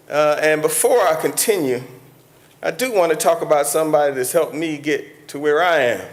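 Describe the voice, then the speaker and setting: A man, a mayor giving a preacherly banquet speech from a podium that builds to impassioned peaks. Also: a little high. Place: large banquet hall with an audience.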